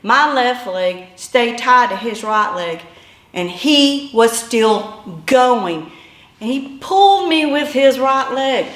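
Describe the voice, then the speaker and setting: A woman in her fifties telling a humorous personal story in an animated, self-deprecating way. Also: fairly high pitch, slow. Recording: echoey room.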